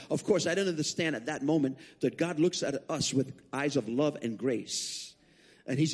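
A man preaching as a guest speaker, telling his testimony as an animated story with frequent restarts. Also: medium pitch. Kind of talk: sermon testimony.

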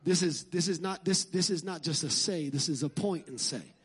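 A middle-aged man preaching a sermon as pastor, animated and joking, shouting at times. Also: a little high, normal speed, slightly rough.

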